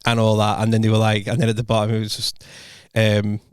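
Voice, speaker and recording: A man's voice: on the low side, fast, smooth, dry recording. A young man co-hosting a podcast, telling a prank story with lots of energy and swearing. He acts out what others said, in a dry, close recording. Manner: animated anecdotes, acts out quotes, swears freely. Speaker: podcast co-host. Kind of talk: casual chat, storytelling.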